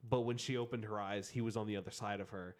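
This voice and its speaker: A man with a lowish voice recounts a story in loose, casual talk. He strings it together with constant "like" fillers and restarts. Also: steady tone, fast.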